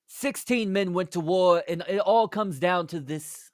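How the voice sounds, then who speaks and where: Man doing a high, pompous Brit wrestler with a put-on accent, slow and grand. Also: no echo, clean studio sound. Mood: boastful. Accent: put-on British. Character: cocky British male wrestler cutting a promo.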